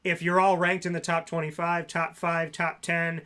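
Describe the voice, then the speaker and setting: Sports talk co-host, man, sharp bright tone, slightly high pitch, sarcastic rants. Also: flat delivery, normal speed. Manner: sarcastic, ranting.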